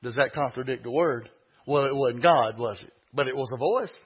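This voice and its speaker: A man preaching a sermon, folksy and emphatic, building to loud peaks. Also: medium pitch, moderate pace, husky, muffled recording.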